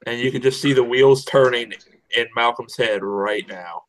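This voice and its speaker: A man sits in as co-commentator on a trivia match, tossing in amused asides and chuckles between the questions. His voice sits in a middle pitch. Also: moderate pace, poor audio. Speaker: co-host commentator.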